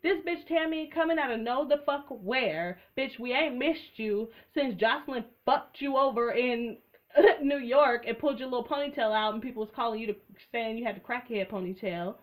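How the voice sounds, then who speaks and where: A woman's voice: a little high, expressive, normal speed. A young woman giving a casual, blunt and profane commentary, full of sassy asides. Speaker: reality TV commentator.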